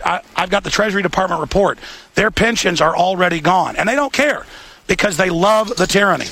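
A man's voice: high-pitched, creaky, sharp tone, a little hiss or hum. A man hosting a political broadcast, ranting urgently and repeating himself. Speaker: show host. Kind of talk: heated political broadcast rant.

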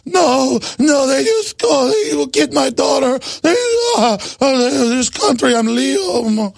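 A sobbing, terrified parent, as a male talk host acts the part out, voice pushed far up into a thin, cracking wail. The words come stammered and broken, with a gravelly edge underneath, in a dry, close sound. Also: very high voice, animated, takes it slowly, dry recording, pitched above the performer's own voice, full character voice. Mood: sobbing panic.

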